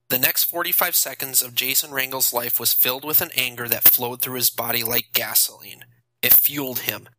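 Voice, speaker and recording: Bright-voiced male audiobook narrator. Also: medium pitch, no room sound, rough recording. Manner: steady, even storytelling.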